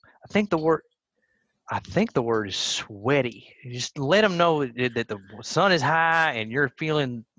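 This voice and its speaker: A man plays a half-orc protector in a tabletop game. He speaks in a halting, stammering way and stays polite. The audio is dull and lo-fi, and it sounds dry and close. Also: medium pitch, lively intonation, a bit bright, dry recording. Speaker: player.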